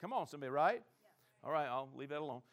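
A man preaching a sermon, calling on the congregation to answer and swinging between loud declarations and quiet asides. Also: fairly high pitch, animated, fast talker. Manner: call-and-response preaching, swings from loud to soft. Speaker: pastor.

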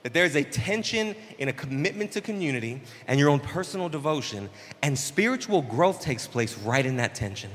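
A man's voice: on the high side, brisk, a little hiss or hum. Slangy preacher man in a reverberant hall. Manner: conversational, slangy, animated asides. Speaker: pastor. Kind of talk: casual sermon. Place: church sanctuary.

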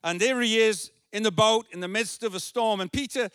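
A male pastor preaching an earnest sermon, repeating phrases and rising to shouted emphasis. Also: high voice, a little fast, clean tone, no room sound, studio quality.

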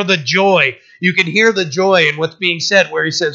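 A man's voice: fairly high pitch, fairly even intonation, moderate pace, gravelly, few pauses, sharp tone. A male pastor giving an informal, conversational Bible teaching sermon, retelling scripture scenes in everyday speech. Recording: slightly muffled lo-fi recording.

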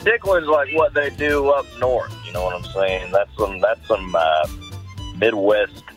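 A man's voice: fairly low pitch, expressive, measured pace, a bit bright, soft background music, poor audio. A man playing a brash truck-loving male caller with a laid-back, cocky drawl.

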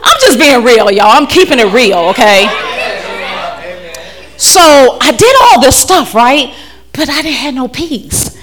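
A woman's voice: sits high, very animated, unhurried, long pauses, crowd noise. A woman telling a frank, humorous church testimony into a handheld mic to a live audience. She often laughs and repeats words as she restarts her sentences. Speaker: speaker giving a personal testimony. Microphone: handheld microphone.

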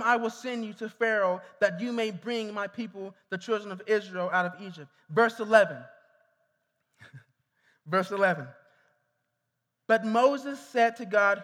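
Delivering a sermon in a church hall with lots of reverb, this man has a high voice that comes across pushed and bright. He keeps repeating phrases and calling for the congregation to answer him.

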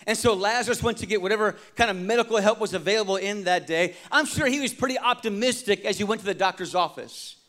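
A man preaching a sermon as pastor, swinging from loud emphasis to hushed tones and calling on the congregation to respond. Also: sits high, fast, hardly any pauses.

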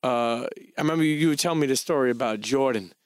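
A man's voice: mid-range voice, fast, no room sound. Rambling, loose-talking male podcast host. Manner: loose, rambling with restarts and slang. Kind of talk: casual interview chat.

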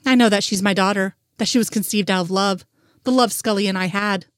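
Woman narrator reading Mulder as a steady, earnest man; close, dry sound. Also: mid-range voice, fairly quick, no room sound, close to an everyday voice. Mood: insistent. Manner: earnest and insistent. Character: devoted, determined man.

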